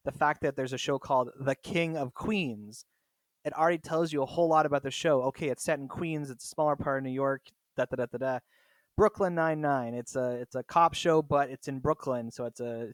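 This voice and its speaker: A man's voice: mid-range voice, no room sound. A man hosting a casual podcast chat, rambling a little and throwing questions to his co-host over a remote recording. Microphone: remote recording setup.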